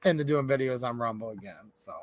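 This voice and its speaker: A man's voice: medium pitch, fast, no room sound. A man hosting a casual livestream, greeting viewers by name in a chatty, upbeat way and calling them man and dude. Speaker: livestream host.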